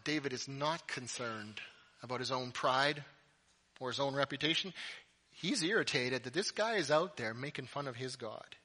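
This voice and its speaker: Bright, animated male preacher. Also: mid-range voice, a little slow. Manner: animated, jokey, laughs at own asides. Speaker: pastor. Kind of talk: sermon.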